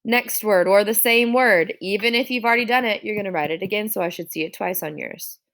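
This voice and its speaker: A woman's voice: mid-range voice, a little fast, a bit bright. A woman teacher giving a classroom spelling dictation, sounding out words syllable by syllable.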